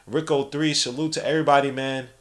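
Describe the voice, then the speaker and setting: A young man hosting a podcast, giving casual live play-by-play and reading the chat aloud in an animated, slangy way. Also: medium pitch, quick pace. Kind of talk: casual live-stream commentary.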